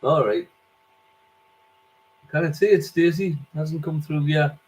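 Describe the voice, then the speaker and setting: A man hosting a quiz, reading out scores and questions slowly and repeating each question. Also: on the high side, darkish tone, low-quality recording. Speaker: quiz host.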